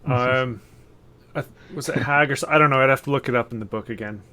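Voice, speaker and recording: A man's voice: mid-range voice, fast, sharp tone, a little hiss or hum. A man playing a character in a tabletop game, chatty and a bit unsure about the rules. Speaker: player. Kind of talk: casual tabletop play.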